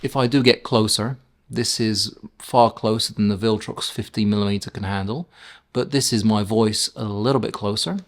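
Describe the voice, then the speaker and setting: A man's voice: on the low side, fairly even intonation, moderate pace. Chatty London man reviewing gear. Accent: London English. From England. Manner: chatty, self-mocking, stumbles over words. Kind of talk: casual product review. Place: small home studio with some echo. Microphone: camera-mounted shotgun mic about arm's length away.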